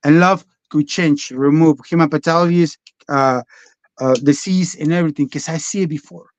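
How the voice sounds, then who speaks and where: A man with a high-pitched voice tells his own story in a candid, rambling way, swearing freely and talking bluntly. The sound is dry and close, and a bit dull and lo-fi. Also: fairly even intonation, normal speed, dry recording. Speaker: podcast guest.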